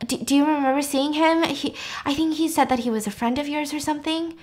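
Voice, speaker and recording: A woman's voice: sits high, steady tone, fast talker, darkish tone, pitched above the performer's own voice, close to an everyday voice. A woman voicing an anxious young former med student who stammers and hurries through her words. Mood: nervous.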